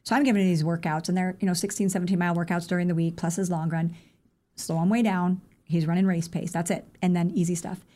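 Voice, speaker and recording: Running coach lady on a podcast, kinda low voice, chatty and animated, lots of "like"s. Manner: animated, acts out quoted dialogue; rapid, chatty with many fillers like "like" and "I mean". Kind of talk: casual interview storytelling.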